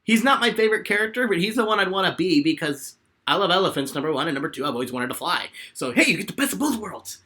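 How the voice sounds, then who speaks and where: Young man, casual live-stream chat, rambling, laughs a lot, animated pitch. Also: fast. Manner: chatty, rambling, laughs often. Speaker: YouTuber answering viewer questions. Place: home room with bookshelf.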